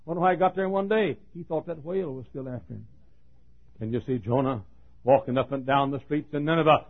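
A man's voice: mid-range voice, a little fast. A man preaching a sermon in a folksy, joking storytelling manner, chuckling and coughing as he goes. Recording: tinny phone-like sermon tape.

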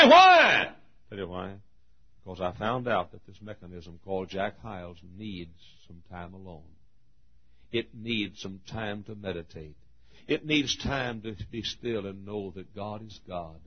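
A gravelly, husky older man preaches a sermon. He swings between quiet, hushed storytelling and sudden shouted peaks. The recording is dull and lo-fi. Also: lowish voice. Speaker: pastor.

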